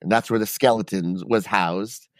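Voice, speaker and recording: A man's voice: fairly low pitch, fairly even intonation, normal speed, no echo, studio quality. A man co-hosting a podcast, telling stories in a loose, rambling way with plenty of swearing. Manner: loose, profane, rambling delivery. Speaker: podcast co-host. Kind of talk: casual storytelling.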